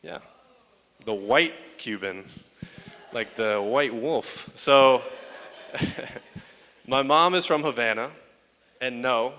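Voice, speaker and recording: A man's voice: mid-range voice, extremely slow, pauses often, bright, forceful tone. A young man doing a stand-up comedy set on stage with crude, self-mocking banter and plenty of swearing. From United States. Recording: echoey hall.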